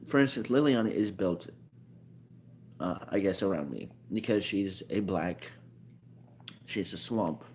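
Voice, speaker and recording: Male video maker with a lower voice, loose unscripted delivery that doubles back on itself and keeps correcting itself. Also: measured pace, pauses often, darkish tone, slight background noise. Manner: rambling, self-correcting, thinks aloud. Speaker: card game video maker. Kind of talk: casual explainer monologue.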